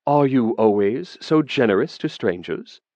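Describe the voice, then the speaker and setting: A dangerous male elf with a cool, pleasant menace and a weary, low delivery, voiced by a male narrator. The audio is dry and a touch dull. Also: lively intonation, a little slow, darkish tone, dry recording.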